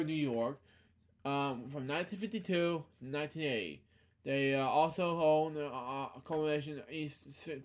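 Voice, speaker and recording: Halting, breathless young male podcaster. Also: on the high side. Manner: halting reading with many fillers and restarts. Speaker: podcast host. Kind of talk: reading a tribute aloud.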